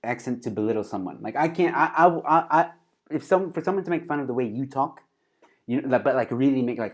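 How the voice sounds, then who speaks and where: Guy hosting a video call chat, lots of ums and restarts, middle pitched voice. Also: lively intonation, brisk. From South Africa. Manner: hesitant, many fillers and restarts. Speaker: host. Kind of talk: casual interview chat.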